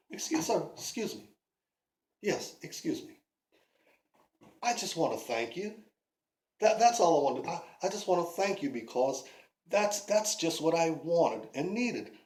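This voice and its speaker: A woman voicing a brash, flirty, hot-tempered man who sweet-talks and then yells, recorded in a roomy space. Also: medium pitch, huge pitch swings, slow pace. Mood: mock polite. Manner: smooth-talking, then yelling. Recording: roomy echo.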